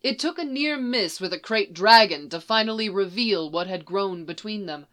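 A narrator reading a story aloud in a soft, measured way. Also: mid-range voice, expressive. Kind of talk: audiobook reading of fan fiction.

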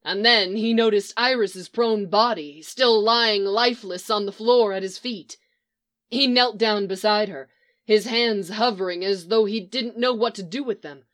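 A woman narrating a piece of fiction in a steady storytelling read. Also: mid-range voice, a little slow. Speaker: reader.

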